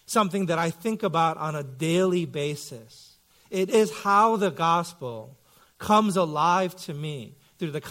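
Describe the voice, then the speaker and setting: A man in his thirties, a pastor giving a sermon in a relaxed, conversational storytelling way with lots of fillers. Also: fairly high pitch. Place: church sanctuary.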